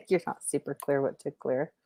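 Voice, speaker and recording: A woman's voice: lowish voice, a little mellow, no echo. Middle-aged woman, livestream host, rambling casual chat, dry close sound. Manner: chatty, meandering, full of fillers and restarts. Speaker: livestream host giving intuitive readings.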